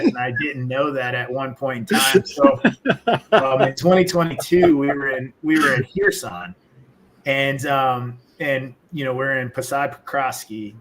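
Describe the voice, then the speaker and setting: Man, veteran guest, casual war storytelling, rambling, cussing, lots of ums, mid-pitched voice. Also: a bit bright. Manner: loose, profane, rambling with fillers.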